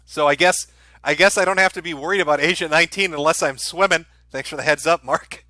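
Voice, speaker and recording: A man on a casual livestream reads out viewer donations and answers them with dry, sarcastic quips. His voice sits a little high and sounds bright and forward. The recording is dry and close, with no room sound. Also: quick pace, no echo. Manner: dry sarcastic asides between read-out messages. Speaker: streamer reading donation messages.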